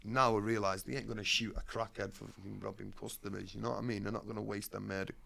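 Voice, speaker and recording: A man's voice: on the low side, level tone, fast talker, creaky, pushed and bright. A man, a guest in an interview, telling his life story bluntly, streetwise and swearing freely.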